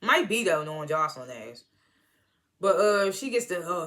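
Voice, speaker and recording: A woman with a bright, forward voice talks through a reality episode in loose, slangy chat. She jumps into louder, excited retellings and laughs often between points. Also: on the low side, moderate pace. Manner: animated, slangy, swings into loud excited retellings; frequent laughs and filler words. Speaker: TV show reviewer. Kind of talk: casual recap and commentary.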